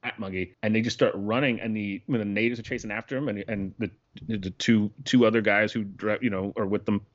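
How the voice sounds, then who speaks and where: A man's voice: fairly low pitch, steady tone, fairly quick. A man co-hosting a podcast, chatting casually about a film, rambling and breaking off his sentences, often laughing. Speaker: podcast co-host. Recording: dull lo-fi sound.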